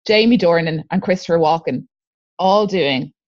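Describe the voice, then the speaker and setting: A woman with an Irish accent, a guest activist on a casual podcast, ranting in an animated, sardonic way. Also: on the low side, moderate pace, no echo. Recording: dull lo-fi sound.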